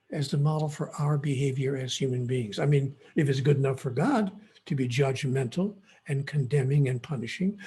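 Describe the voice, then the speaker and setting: Male author guest, fairly high voice, gravelly and husky, earnest and emphatic. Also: dark tone. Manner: earnest, emphatic, many restarts. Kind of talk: impassioned interview storytelling.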